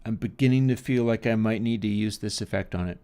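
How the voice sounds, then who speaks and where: A man hosting a casual livestream, musing out loud and joking at himself while he mixes audio. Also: lowish voice, fast talker, smooth. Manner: musing, self-deprecating, chuckling asides. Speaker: stream host.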